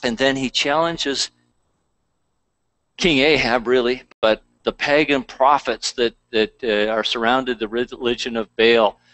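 A man's voice: medium pitch, steady tone, unhurried, a bit bright, no echo, rough recording. A man pastor preaching a conversational sermon, reading scripture aloud between plain asides.

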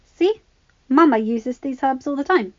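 A woman voicing a bubbly, wide-eyed teenage girl who gushes in a high, breathless voice. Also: animated, measured pace, a little mellow, no echo. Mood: cheerful. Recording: slightly dull lo-fi recording.

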